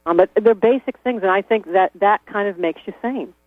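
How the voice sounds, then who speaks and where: Here a man talks fairly quickly with a high-sitting voice, casual and chatty as a guest on an interview, often laughing and beginning his sentences again. No room sound is audible; the recording sounds tinny, like a phone call, with a hum from the mains.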